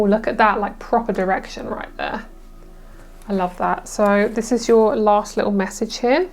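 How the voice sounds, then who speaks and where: Young woman tarot reader, excitable and gushing, casual and profane, mid-pitched. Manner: gushing, excitable, swears freely. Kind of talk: casual pick-a-card tarot reading.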